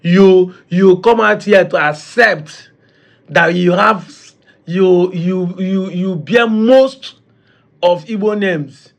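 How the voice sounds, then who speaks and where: Slow, mocking Nigerian man. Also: high-pitched, creaky. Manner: mocking, laughs between points, mixes Pidgin and Igbo. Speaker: commentator reacting to clips. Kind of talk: mocking reaction commentary.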